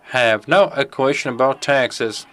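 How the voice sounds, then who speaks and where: Male interpreter for a live Q&A, unhurried and clear-toned, pauses to find words. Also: medium pitch, fairly bright tone. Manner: halting, picks words as he goes.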